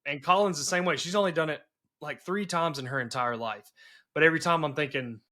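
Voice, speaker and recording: A man talks through a family story in a casual podcast chat. He restarts his sentences often and stays earnest. His voice sits a little high and sounds bright and forward. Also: a little fast. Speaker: podcast host. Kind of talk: casual conversation.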